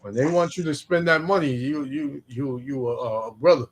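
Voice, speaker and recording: A man hosting a relaxed talk stream, drawling with lots of fillers. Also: medium pitch, moderate pace. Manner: laid-back, drawling, many fillers. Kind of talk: casual chat and scripture reading.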